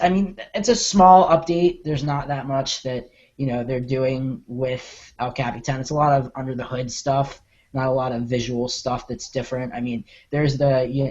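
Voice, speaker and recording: A man's voice: mid-range voice, darkish tone, muffled recording. A man co-hosting a casual tech podcast, talking in a rambling, hedging way full of fillers. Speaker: podcast co-host.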